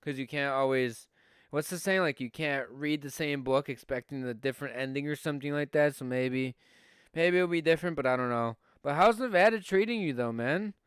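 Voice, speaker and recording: A man's voice: fairly high pitch, a little fast, clean tone, no room sound, studio quality. A young man from Buffalo with a Western New York accent, a podcast host doing casual live hockey play-by-play on a stream, chatty with fillers and rising on scoring chances.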